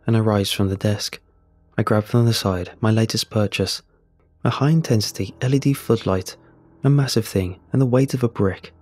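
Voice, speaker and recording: Man with a lowish voice reading a creepy story, steady and tense, soft music in the back. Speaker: horror story narrator. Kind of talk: scripted narration. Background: faint music.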